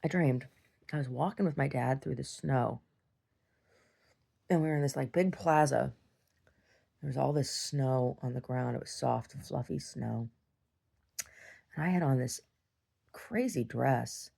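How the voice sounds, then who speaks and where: Young woman, deep gravelly voice, rambling casual vlog confession. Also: measured pace, pauses often, warm tone. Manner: meandering, many restarts and "like"s, swears casually. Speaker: video diarist. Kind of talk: rambling personal video diary.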